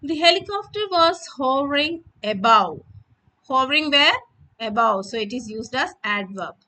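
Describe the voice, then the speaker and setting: Woman teacher, high bright voice, patient and explanatory. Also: lively intonation, normal speed, poor audio. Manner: patient, repeats and rephrases, asks and answers her own questions. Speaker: English teacher. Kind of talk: explaining textbook exercises to students.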